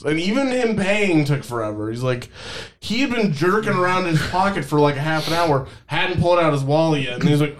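A man's voice: a little high, expressive, a little fast, a little hiss or hum. A man co-hosting a podcast, telling profane stories in casual chat, laughing often and acting out the people in them. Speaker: podcast co-host.

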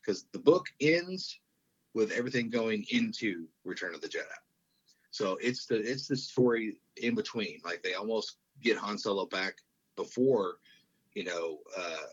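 Guy in his 30s rambling on in a casual chat, low husky voice, kinda dull lo-fi sound. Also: expressive, a little slow. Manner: rambling, profane, full of fillers and restarts.

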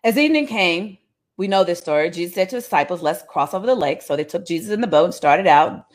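A woman preaching a sermon, reading scripture and retelling it in a lively, joking, casual way. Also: fairly low pitch, quick pace. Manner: animated storytelling, jokes and voices, casual asides.

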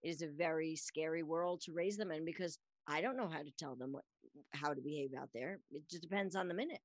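Expressive American woman, low and dry. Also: fast, no echo. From United States. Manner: emphatic, expressive, playful. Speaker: podcast host. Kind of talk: casual interview chat.

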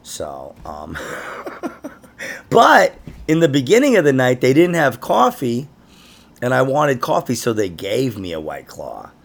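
Male podcast host, gravelly and lively, laughs through casual comic stories. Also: mid-range voice, slow pace, long pauses. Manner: laughs often, animated storytelling. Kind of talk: casual comedic chat.

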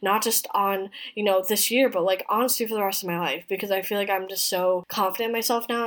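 Chatty young woman podcaster. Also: medium pitch. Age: 20s. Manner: chatty, heartfelt, many fillers like "like" and "you know". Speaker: podcast host. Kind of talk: casual personal podcast monologue. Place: apartment room in a city.

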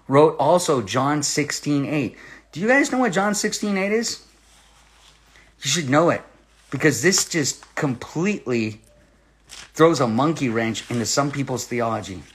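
Emphatic higher-voiced man preaching. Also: fairly bright tone, husky. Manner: emphatic, rhetorical questions to listeners; reads scripture aloud with slow stress. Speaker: Bible teacher. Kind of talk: sermon-style Bible teaching.

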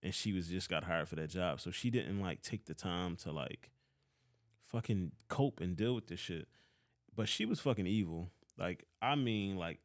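A man's voice: low-pitched, no room sound, clean studio sound. A man in his thirties with a Philadelphia accent, telling a heated, profane story about a past boss in a casual vlog. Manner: profane, heated, swears often. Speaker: vlogger.

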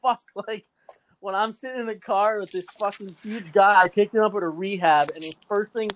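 A man's voice: high-pitched, fairly quick, poor audio. A man telling a rambling, profane story in casual chat, packing his talk with "like" and laughing often. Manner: fillers "like" constantly.

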